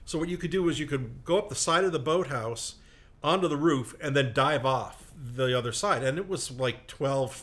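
A man recounts a rambling childhood anecdote, poking fun at himself as he goes. His voice is bright and forward, at a middle pitch. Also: moderate pace. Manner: rambling anecdote with self-mocking asides. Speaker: storyteller. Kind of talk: casual storytelling on a comedy talk show.

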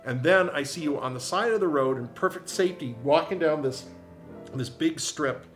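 A man's voice: fairly high pitch, normal speed, faint music behind. A middle-aged man, a guest sitting with his wife, earnestly telling his side of the story. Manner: earnest, explains himself. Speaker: her husband, co-guest. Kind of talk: defensive storytelling.

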